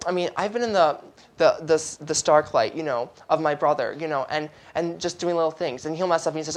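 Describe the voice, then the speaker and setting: A woman's voice: sits low, brisk. A woman hosting a gossip segment, rambling chattily to a live audience and asking them to clap along. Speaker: show host.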